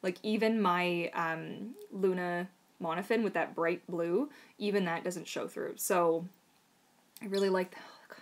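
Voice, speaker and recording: A woman's voice: fairly low pitch, fairly even intonation, measured pace. A woman hosting a casual live Q&A stream as a mermaid tail maker, chatty and bubbly, with lots of fillers and frequent laughter.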